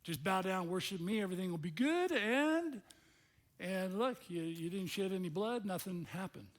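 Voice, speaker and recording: A man's voice: high-pitched, animated, normal speed, voice pushed up. A man voicing a male devil who coaxes and bargains in persuasive tones. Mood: coaxing. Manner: coaxing, persuasive. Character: smooth-talking male tempter devil.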